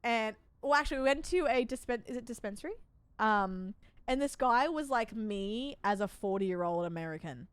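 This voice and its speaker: A woman from Australia with a soft Australian accent, chatting casually with her viewers while streaming a game. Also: on the high side, lively intonation, normal speed, clean tone, no echo. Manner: chatty storyteller, talks to her chat by name. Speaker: livestreamer.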